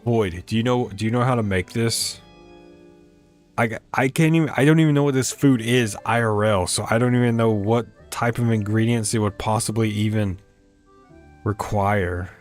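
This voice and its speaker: A man's voice: lowish voice, moderate pace, faint music behind. A man streaming a life-sim game in casual commentary, thinking aloud and tripping over words as he tries pronunciations. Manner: rambling, muses aloud and stumbles over words. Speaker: let's play streamer.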